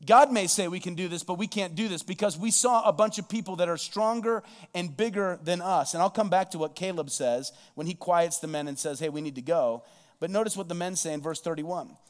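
A man's voice: high-pitched, a little fast, big-room sound. A man preaching a sermon as pastor, reading scripture aloud and asking the listeners rhetorical questions.

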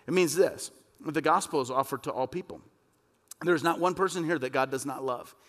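A man preaching a sermon as pastor, impassioned and emphatic, rising to forceful peaks. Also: on the high side, moderate pace. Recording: long reverb of a church hall.

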